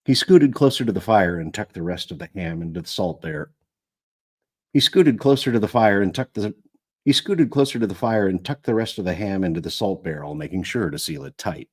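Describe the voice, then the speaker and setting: A man with a low voice reads an audiobook aloud, his pitch rising and falling widely. He restarts sentences when he stumbles. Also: lively intonation, fairly quick, breathy edge. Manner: rereads lines after stumbles. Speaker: audiobook narrator.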